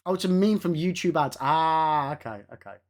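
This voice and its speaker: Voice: medium pitch, expressive, normal speed, darkish tone. A game streamer chatting casually with live viewers, laughing often and swearing now and then.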